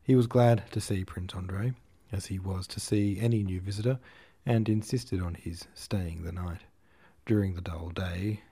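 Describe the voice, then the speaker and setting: A man reading a classic novel aloud as a podcast host, in a measured storytelling manner. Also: low-pitched, warm tone, breathy edge. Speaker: audiobook reader and podcast host.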